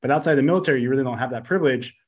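A man's voice: mid-range voice, darkish tone. A man who is a podcast guest, talking casually in a rambling, blunt way, full of fillers and swearing. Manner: rapid, rambling, full of "like" and "you know". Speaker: podcast guest, business coach. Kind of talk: casual interview chat.

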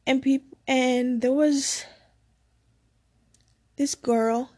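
A young woman with a fairly high voice tells a story from her school days. She rambles and drifts off track, and she laughs often as she goes. She grew up in the Dominican Republic. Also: steady tone, drawn-out words, darkish tone. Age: young adult. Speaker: vlogger. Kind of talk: casual storytelling.

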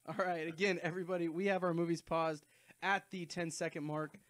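A man's voice: fairly high pitch, little pitch movement, moderate pace, fairly bright tone. A man in his thirties hosting a casual movie commentary podcast, playful and self-mocking in his banter. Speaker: podcast host.

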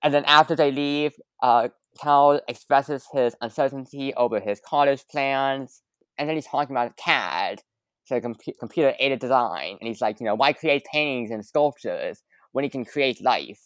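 A woman with a strikingly low voice hosts a casual podcast chat. She recaps the film scene by scene in a chatty way, full of fillers. The sound is dry and close. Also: moderate pace, no echo. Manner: chatty, recaps plot with frequent fillers and laughs. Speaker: podcast host.

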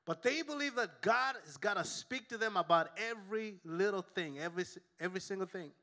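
A male pastor delivers a sermon with a bright, forceful edge to his voice. He preaches emphatically, mixing in jokes and calls for the congregation to answer back. His voice sits a touch higher than most men's. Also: expressive, brisk. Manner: emphatic, humorous preaching with call and response. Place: church.

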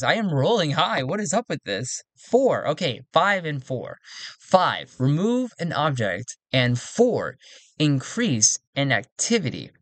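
Male solo game narrator, musing aloud over dice rolls, mid-pitched, dry close mic. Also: a bit bright, dry recording. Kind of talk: solo tabletop role-play narration. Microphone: close desk microphone.

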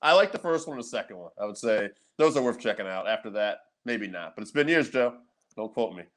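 A man's voice: lowish voice, expressive, fast talker. A man co-hosting a podcast in casual chat, rambling through movie memories, laughing often and swearing freely. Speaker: podcast co-host.

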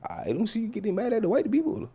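Man playing a prim formal gentleman, raised pitch, sing-song, keeps apologizing. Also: huge pitch swings, fast talker, gravelly, slightly rough, heavily acted. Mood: prim politeness. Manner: stiff, overly formal, apologetic. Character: overly polite formal man, insulting with courtesy. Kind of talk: comedy skit voices.

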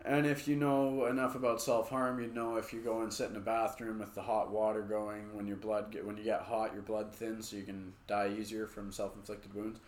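A man's voice: on the low side, flat delivery, fairly quick, hardly any pauses, roomy sound. A man co-hosting a podcast, telling long stories in casual, profane chat. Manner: profane, rambling storytelling. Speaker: podcast co-host.

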